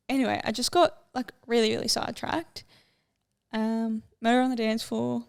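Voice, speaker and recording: Chatty young woman with gravelly fry. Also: fairly high pitch, little pitch movement, fairly quick. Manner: chatty, rambling, easily sidetracked. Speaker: podcast co-host. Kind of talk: casual chat.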